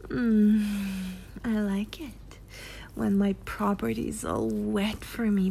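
A woman in a whispered role-play, talking slowly in a teasing, domineering way and often dropping to a whisper. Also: mid-range voice, level tone, gravelly, mellow, a little hiss or hum. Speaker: audio role-play performer.

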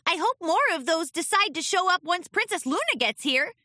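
A woman voicing a cheerful little filly pony, a young girl with a squeaky voice. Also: big pitch swings, normal speed, pushed and bright, no echo, clean studio sound, exaggerated voice. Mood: cheery.

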